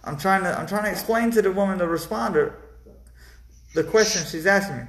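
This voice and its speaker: A man telling a personal story casually, animated and halting, with many restarts. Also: high voice, echoey room, slight background noise.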